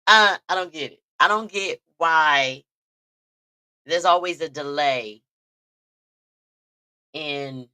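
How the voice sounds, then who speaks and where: A woman hosts a chatty show and tells stories with lively energy, breaking into laughter often. Her voice sits a little low but sounds bright and forceful, and the recording is dry and close. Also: slow pace, long pauses, clean tone, no echo. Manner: animated, laughs often, talks straight to listeners. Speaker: podcast host. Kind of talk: casual storytelling chat.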